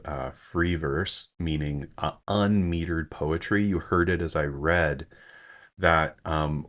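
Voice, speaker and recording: A man's voice: very deep voice, fairly bright tone. A man giving a screen-share poetry lesson, thinking aloud with frequent fillers and self-corrections. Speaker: teacher.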